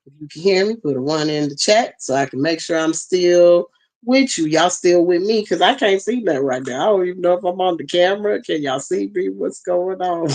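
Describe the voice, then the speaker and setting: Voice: mid-range voice, moderate pace, a little mellow, low-quality recording. A live-stream host teaching a class, chatting casually with viewers and flustered by technical trouble, with lots of y'all and ain't, speaking into a tablet while wearing bone-conduction headphones. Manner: chatty, talks straight to the chat, flustered by tech trouble; uses plenty of y'all and ain't.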